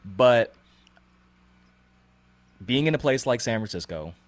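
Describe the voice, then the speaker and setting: A man hosting a podcast, speaking in a measured, careful way and hedging his points. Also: mid-range voice, lively intonation, no echo. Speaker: podcast host. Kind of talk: podcast conversation.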